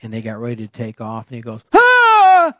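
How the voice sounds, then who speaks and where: An older man preaching a sermon, telling a story and swinging between hushed tones and loud exclamations. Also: lowish voice, monotone, very fast, no room sound, lo-fi sound. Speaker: pastor.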